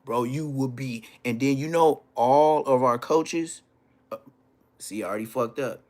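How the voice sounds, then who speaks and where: A man telling profane, animated stories from his school days on a casual livestream, laughing as he goes. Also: mid-range voice, a little slow. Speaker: livestream host. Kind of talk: casual storytelling.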